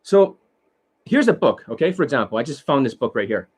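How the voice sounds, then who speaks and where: A man's voice: mid-range voice, big pitch swings, brisk, slightly rough. A man, a dating coach from Canada, talking to his students in a blunt, rambling, profane monologue and scolding them.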